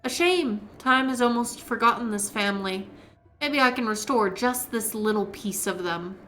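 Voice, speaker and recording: A woman streaming a game live, relaxed and talking to herself as she plays. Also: a little high, normal speed, slight background noise.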